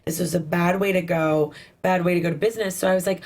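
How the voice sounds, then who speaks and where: A woman co-hosting a casual TV recap chat, talking in an animated way and driving her points home by repeating them. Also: on the low side, fast talker. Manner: animated, emphatic repetition. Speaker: co-host.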